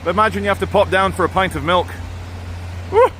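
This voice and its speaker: A man's voice: high voice, expressive, fast talker, a bit bright. Guy rambling on a walking vlog, strong opinions, bit of street noise. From Brazil. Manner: chatty, rambling, opinionated, self-correcting. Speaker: vlogger. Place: outdoors in a town, walking.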